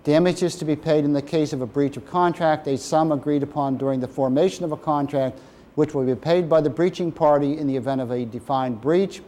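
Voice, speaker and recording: A man's voice: on the high side, fairly quick, mellow. A man teaching a procurement course, reading out definitions and asking the class questions. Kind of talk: classroom lecture.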